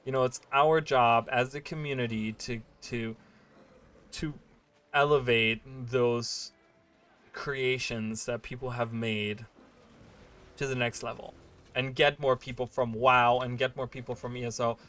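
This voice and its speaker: A man's voice: mid-range voice, little pitch movement, measured pace, fairly bright tone. Rambling male streamer, filler-heavy chat. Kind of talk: casual livestream chat while gaming.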